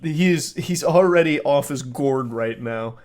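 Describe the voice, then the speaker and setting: A man's voice: mid-range voice, unhurried, darkish tone. A young man giving sarcastic comedic commentary while reading text messages aloud. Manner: sarcastic, dry. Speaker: YouTube commentator.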